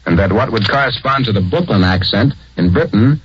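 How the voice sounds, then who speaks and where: A man's voice: on the low side, lively intonation, fairly quick, a little hiss or hum. A man narrating a 1940s radio program in a conversational, explanatory way, on a dull old recording.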